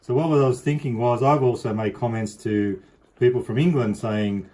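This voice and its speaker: A man's voice: mid-range voice, moderate pace, warm tone, low-quality recording. A middle-aged man with an Australian accent chatting casually through a home-kitchen cooking demonstration, rambling and easygoing. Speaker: cooking vlogger.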